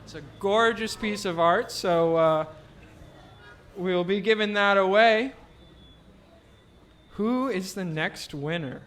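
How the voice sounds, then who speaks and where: High-voiced, bright, joking male emcee. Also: slow pace, long pauses. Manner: joking, playful banter with the crowd. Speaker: raffle emcee at a fundraiser event. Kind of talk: live event announcing. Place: indoor event venue with a live audience.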